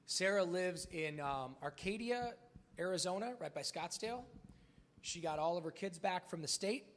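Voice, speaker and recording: A man's voice: sits high, lively intonation, normal speed. Candid man telling stories on stage. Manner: candid, casual, swears freely; acts out dialogue in stories. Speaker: motivational speaker. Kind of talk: live storytelling talk. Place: on stage at a live event.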